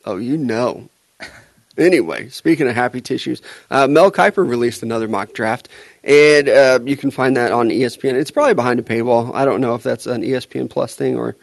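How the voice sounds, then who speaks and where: Male podcast co-host, gravelly, dry close mic, loose joking sports banter. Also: medium pitch, fairly quick, dry recording. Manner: joking, laughs often. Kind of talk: casual sports chat.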